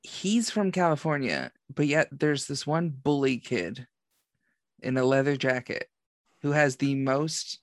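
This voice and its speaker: A man's voice: mid-range voice, measured pace, dry recording, clean studio sound. A man chatting casually about a movie, rambling with lots of fillers. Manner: rambling, filler-heavy storytelling. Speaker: podcast co-host. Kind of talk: casual movie review chat.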